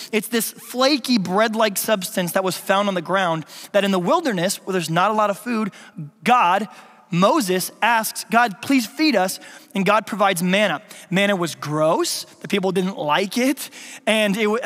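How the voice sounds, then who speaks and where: A man with a high voice preaches to his congregation in a playful way, tossing questions at the listeners. Long reverb from the church hall trails after each phrase. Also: moderate pace, fairly bright tone. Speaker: pastor. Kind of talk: sermon. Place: church sanctuary.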